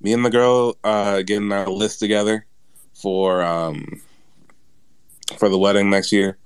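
A man chatting casually as a guest, relaxed and easygoing. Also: on the low side, measured pace, smooth, no room sound. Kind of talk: casual chat.

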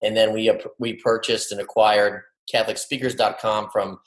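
Man, late 30s, from Cincinnati, fairly low voice, friendly, upbeat guest. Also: flat delivery, normal speed, reverberant, low-quality recording. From Cincinnati, Ohio. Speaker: podcast guest, entrepreneur. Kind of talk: casual interview talk. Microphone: remote call.

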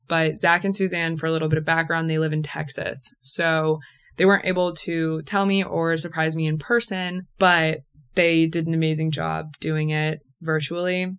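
A young woman hosts a podcast on her own, telling a personal story in a chatty, emotional way packed with "like." Her voice is low-pitched, a bit bright, clear and resonant.

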